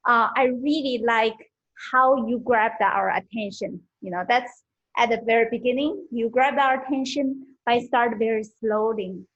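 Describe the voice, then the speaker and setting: A woman giving a friendly, halting speech evaluation at an online club meeting, with many fillers, over a video call. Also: a little high. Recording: dull lo-fi video call audio.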